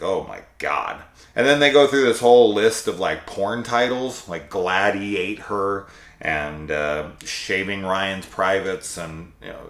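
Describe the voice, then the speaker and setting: A man's voice: low-pitched, a bit bright. A man casually reviewing a horror sequel, rambling and sarcastic, swearing freely. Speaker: movie reviewer. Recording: echoey room.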